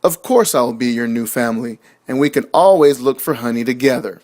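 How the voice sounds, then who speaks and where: A big, good-natured storybook bear speaks in a friendly, reassuring way, as a man puts him on. He sounds calm and welcoming. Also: medium pitch, a little fast, lightly acted. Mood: kind. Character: kindly big brown male bear.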